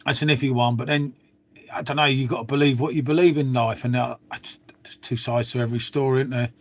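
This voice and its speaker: A man's voice: mid-range voice, fairly even intonation, fast talker. A middle-aged man chatting casually to viewers on a live stream, swearing freely and trailing off into asides. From England. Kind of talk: rambling casual chat to viewers.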